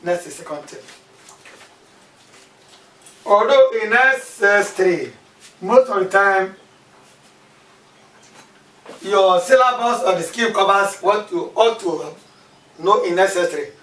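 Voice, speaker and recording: A man's voice: high voice, expressive, takes it slowly, long pauses, bright, forceful tone. A man teaching a maths class, repeating key terms and asking questions aloud. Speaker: mathematics teacher. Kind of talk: classroom lesson. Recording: echoey room from far off with faint background noise.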